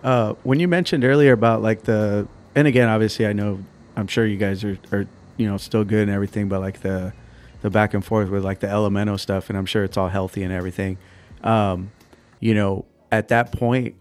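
A young man with a lowish voice hosts a casual podcast chat. He tells stories in a relaxed, rambling way, full of fillers. His voice cracks here and there. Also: a little fast. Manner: laid-back, storytelling with lots of fillers. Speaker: podcast host.

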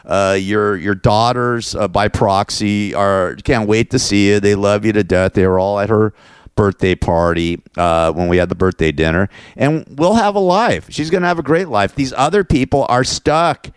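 A man's voice: lowish voice, normal speed, clean tone, no room sound, clean studio sound. A man hosting his own radio-style show, ranting in a profane, meandering way. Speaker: host.

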